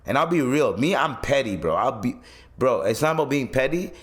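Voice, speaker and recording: A man from East Africa, hosting a podcast and telling stories in a profane, animated rant. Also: mid-range voice, fairly quick. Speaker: podcast host.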